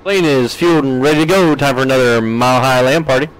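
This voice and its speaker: Talking fast in a medium-pitched voice, a streamer plays a farming game and casually answers comments he reads from his live chat, laughing frequently. The low-quality recording carries slight background noise.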